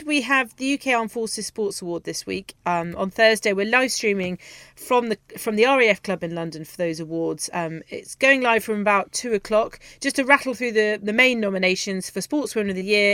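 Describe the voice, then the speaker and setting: A woman co-hosts a sports show in an upbeat, chatty way, peppering her talk with ums and quick laughs. Her voice sits at an ordinary middle pitch. It is recorded close and dry, with no room echo. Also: a bit bright. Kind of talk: casual sports chat and news roundup.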